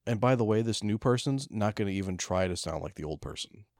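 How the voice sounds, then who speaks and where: A man's voice: on the low side, expressive, fast talker, a little mellow, no echo, clean studio sound. A man co-hosting a podcast in casual chat, laid-back and agreeable. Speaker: podcast co-host.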